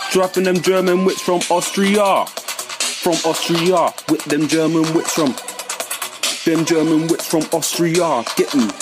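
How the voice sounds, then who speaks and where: A man playing a swaggering young grime MC, rapping brash, repetitive boasts in a comic diss track. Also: a little high. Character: swaggering young male grime MC, bragging rival. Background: music beat.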